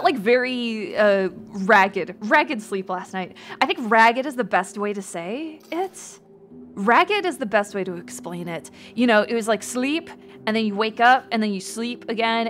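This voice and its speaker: A woman VTuber with a fairly bright voice on the high side streams casually. She rambles while reading out chat names and thanking viewers, swearing often and laughing a lot.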